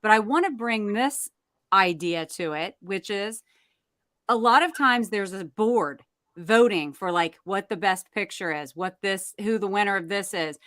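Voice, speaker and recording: Bright, upbeat woman co-host. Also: medium pitch, unhurried, dry recording, clean studio sound. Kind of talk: casual talk show chat.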